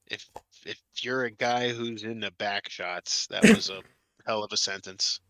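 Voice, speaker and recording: A man co-hosting a casual comedy podcast, dropping crude deadpan one-liners. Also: fairly low pitch, unhurried, no room sound. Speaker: podcast co-host.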